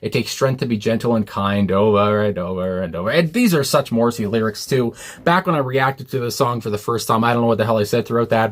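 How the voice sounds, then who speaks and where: A young man in a small room casually talking through a song reaction, rambling with many fillers and quoting lyrics earnestly. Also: mid-range voice. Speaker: music reaction YouTuber. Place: small hot room indoors.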